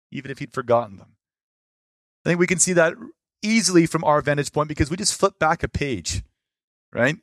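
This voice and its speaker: A man preaching a sermon as pastor, moving between loud emphatic lines and quiet, low asides. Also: no echo, studio quality.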